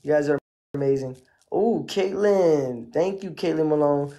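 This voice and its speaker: A man's voice: on the high side, a little fast, mellow. A man streaming live, thanking viewers for their gifts in laid-back casual chatter. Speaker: livestreamer.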